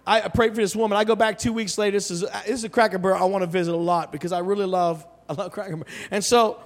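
A male pastor preaching in an animated, joking storytelling way, breaking into shouts and laughter. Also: high-pitched, fast talker. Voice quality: bald. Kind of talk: humorous storytelling sermon.

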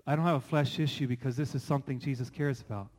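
A middle-aged male pastor delivers a sermon with lively, animated energy. He leans on rhetorical questions and quick asides, and his pitch sits at an ordinary middle register for a man. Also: low-quality recording.

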